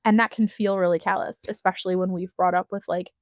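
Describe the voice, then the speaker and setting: A woman's voice: on the low side, level tone, fast talker, dry recording. A woman co-hosting a casual podcast, telling long stories and acting out the people in them. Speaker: podcast co-host.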